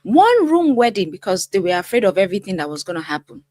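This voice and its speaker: A middle-aged woman hosting her own channel as a life coach, talking straight to viewers in an expressive, emphatic way. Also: medium pitch, quick pace. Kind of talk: casual commentary to camera.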